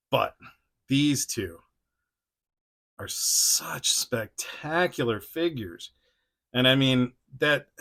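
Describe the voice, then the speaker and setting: A man's voice: fairly low pitch, fairly bright tone. A man casually chatting through a toy review, rambling with many fillers and chuckles. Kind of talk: casual unboxing chat.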